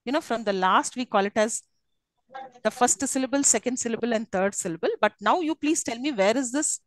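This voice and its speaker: Female lecturer, Indian English accent, higher voice, dry close sound, patient classroom teacher. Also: a little fast, dry recording. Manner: explains with frequent checks to students, encouraging.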